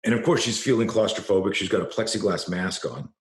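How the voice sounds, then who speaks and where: A middle-aged man with a very low voice tells a training story in an interview. He is an animated storyteller who climbs in pitch and force when the tale peaks. The sound is roomy, with plenty of echo. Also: fast. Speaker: self-defense trainer.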